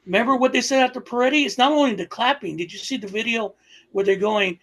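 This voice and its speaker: A man's voice: very high voice, fast. A man hosting a political talk show, heated and profane, his voice jumping up in anger. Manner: angry, profane, swings loud. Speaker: podcast host.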